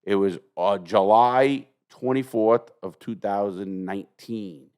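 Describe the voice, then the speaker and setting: Blunt, low-voiced older American man. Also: slow pace, darkish tone, smooth. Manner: profane, blunt storyteller acting out quoted dialogue. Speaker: podcast host. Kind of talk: casual chat, storytelling.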